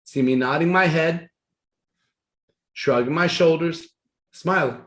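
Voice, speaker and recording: A man giving a sales training talk, acting out the dialogues of a sales pitch in an animated way. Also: takes it slowly, long pauses, reverberant.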